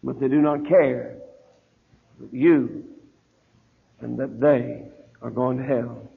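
A man preaching a sermon in a church, who slows and drops into a heavy hush on his key words. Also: mid-range voice, steady tone, creaky. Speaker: pastor. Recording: tinny lo-fi archive tape.

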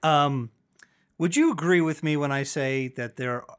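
A man co-hosting a podcast, chatting casually in a rambling, profane, animated way. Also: fairly high pitch, unhurried, clear, resonant tone. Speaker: podcast co-host. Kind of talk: casual chat about wrestling.

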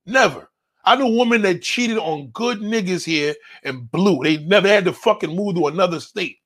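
A man's voice: high voice, animated, moderate pace, fairly bright tone. A man hosting a show, reading viewer comments and answering them in a blunt, confrontational rant full of swearing. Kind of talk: profane ranting commentary.

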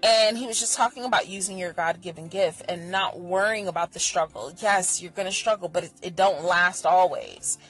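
A woman's voice: fairly low pitch, moderate pace, few pauses, soft background music, poor audio. Blunt, profane woman vlogging candidly. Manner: blunt and profane, swinging from heated rants to soft reassurance. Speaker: vlogger sharing personal experience. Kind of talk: candid personal vlog.

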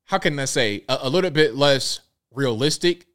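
Animated male show host. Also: medium pitch, moderate pace. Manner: animated, full of rhetorical questions. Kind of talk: live commentary show.

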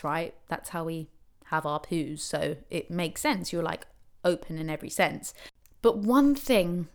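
A young woman tells a personal story in a relaxed, chatty way. Her voice is animated, leaping up high when she acts out what others said. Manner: animated, acts out quotes with big pitch swings. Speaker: new mother telling her birth story. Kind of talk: casual spoken storytelling.

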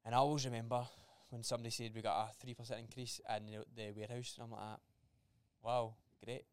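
A young man co-hosting a podcast, chatting in a sweary, excitable way. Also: medium pitch, rapid-fire, clean tone. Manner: sweary, excitable, animated retellings. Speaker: podcast co-host. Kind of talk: casual chat.

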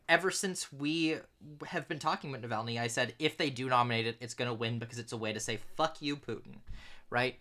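A man co-hosting a film podcast in relaxed conversation. His voice is bright and forward. He talks emphatically, hammering points home by saying them twice. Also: mid-range voice. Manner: emphatic, repeats points for stress. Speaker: podcast co-host. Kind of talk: casual chat.

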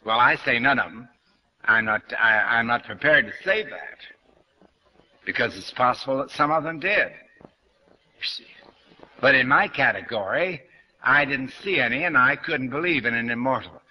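A man's voice: medium pitch, lively intonation, moderate pace, sharp tone, low-quality recording. An older man giving a spiritual lecture to an audience, blunt and questioning, speaking straight to his listeners. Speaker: New Thought lecturer.

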